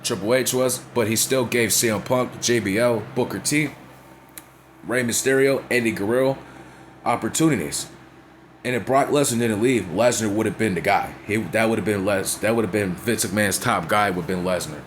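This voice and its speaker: A wrestling commentator vlogger with a lowish voice talks at normal speed, slight background noise audible. It's a casual, profane opinion rant, with him often asking whether you know what he's saying.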